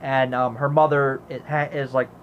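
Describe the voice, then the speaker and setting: An enthusiastic man talks through a film in a casual review at an average pitch. He rambles, recounts scenes and leans on "you know" fillers. A faint noise sits behind him. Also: flat delivery, normal speed, narrow, tinny audio. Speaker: movie reviewer. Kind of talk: casual movie review vlog.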